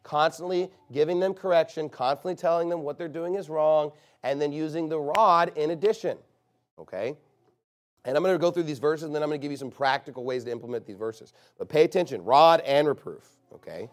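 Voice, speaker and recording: Fiery preacher with a higher voice. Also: male voice. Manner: forceful preaching that swings from low and quiet to loud and emphatic; slows down and stresses key phrases. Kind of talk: sermon.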